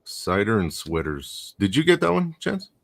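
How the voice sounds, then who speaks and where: Low-voiced laid-back male host. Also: huge pitch swings, normal speed, gravelly. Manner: laid-back, asks questions, reads comments. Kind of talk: casual chat.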